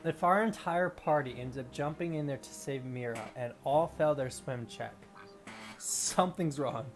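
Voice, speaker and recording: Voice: medium pitch, moderate pace, faint music behind. A player in a tabletop game over voice chat, rambling and restarting sentences. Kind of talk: casual tabletop play.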